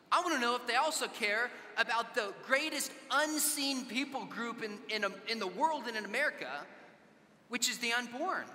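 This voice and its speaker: A man's voice: very high-pitched, pushed and bright, big-room sound. A man from Southern California speaking to a youth conference, telling conversational stories and acting out the dialogue. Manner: conversational, acts out dialogue in anecdotes. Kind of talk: storytelling talk to a youth audience. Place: large conference hall.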